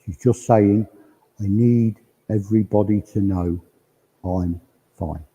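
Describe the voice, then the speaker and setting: A man's voice: lowish voice, steady tone, slow pace, mellow, husky, dull audio. A man working as a spiritualist medium, relaying spirit messages to the congregation in quoted speech during a service. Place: village hall.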